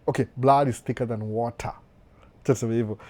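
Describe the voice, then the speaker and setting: A Kenyan man in a casual livestream Q&A, his voice sitting in an ordinary middle register. He talks in an animated, loose way, repeating himself and breaking into laughter. He speaks close to a desk microphone. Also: medium pitch, fast. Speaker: livestream host answering viewer questions. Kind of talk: casual live Q&A, mixing Swahili and English. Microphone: desk microphone with computer setup.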